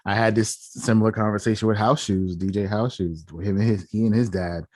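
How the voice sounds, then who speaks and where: A man hosting a podcast, a relaxed interviewer with short agreeing replies in casual chat. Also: fairly low pitch, fairly quick, no room sound, clean studio sound. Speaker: podcast host.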